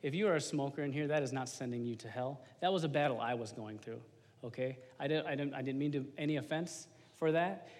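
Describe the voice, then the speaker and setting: A man in his thirties, a lay preacher giving an informal, animated sermon to a congregation. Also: mid-range voice, fast talker. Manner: casual, animated, slangy, talks to the congregation. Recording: long hall reverb.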